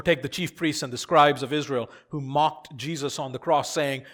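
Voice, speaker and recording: A man preaching a sermon as pastor, swinging from hushed to loud and repeating key lines for emphasis. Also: on the high side, steady tone, moderate pace, few pauses.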